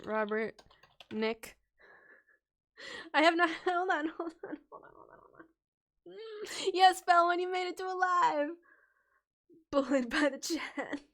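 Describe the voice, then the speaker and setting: High-pitched woman on a livestream, slow and giggly, tripping over names from chat. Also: a bit bright. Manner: giggly, distracted, stumbles over names while scrolling chat. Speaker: livestream host and storytelling bard. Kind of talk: casual livestream chat, reading viewer names aloud.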